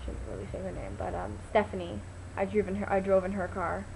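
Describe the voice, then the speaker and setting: A woman's voice: a little fast, creaky, slight background noise, low-quality recording. A teenage girl vlogging, telling a rambling story with lots of ums and restarts. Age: teens. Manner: chatty and rambling, many ums and restarts, bursts into excited high quoted voices. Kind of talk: casual storytelling vlog.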